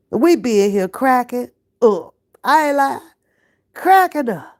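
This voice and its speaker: A woman's voice: fairly high pitch, big pitch swings, measured pace, a little mellow. A woman ranting straight at her viewers in a casual vlog, profane and often laughing. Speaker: reaction vlogger. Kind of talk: casual to-camera rant.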